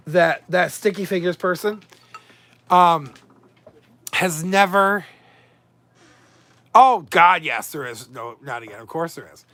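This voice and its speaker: In a high-pitched, pushed, bright voice, a man hosts a casual livestream. He chats emotionally, his mood swinging as he reads out and answers comments from viewers.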